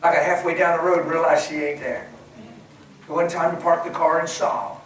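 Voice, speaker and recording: A man preaches, his voice a little high for a man. He moves from hushed, near-whispered lines to loud, excited bursts. He is recorded from a distance in a big, echoing church hall with faint noise behind. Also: a little fast. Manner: passionate, swings from hushed to shouting. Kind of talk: sermon. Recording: echoey hall, voice from far off.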